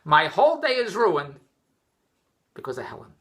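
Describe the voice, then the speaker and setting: A man's voice: high-pitched, sing-song, moderate pace, heavy background noise. A middle-aged man vlogging indoors, telling a rambling, exasperated story with many restarts. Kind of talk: rambling personal vlog rant. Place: indoors, just came in from the rain.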